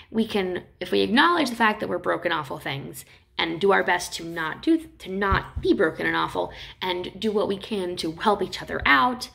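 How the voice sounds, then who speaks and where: A woman teaching literature in a casual, chatty lecture, retelling stories with quick acted quotes. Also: medium pitch, creaky, fairly bright tone.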